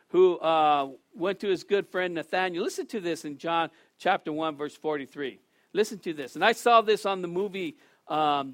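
A man preaching a casual sermon, animated, often restarting and acting out quotes. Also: high-pitched, no echo, clean studio sound.

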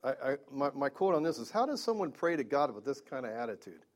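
A man's voice: mid-range voice, very animated, fast talker. A man preaching a Bible-teaching sermon, earnest, with stammering restarts and emphatic peaks.

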